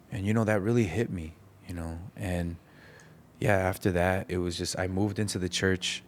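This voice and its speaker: Deep-voiced man telling a raw personal story. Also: little pitch movement. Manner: candid, halting, reflective. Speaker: podcast guest. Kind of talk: emotional storytelling.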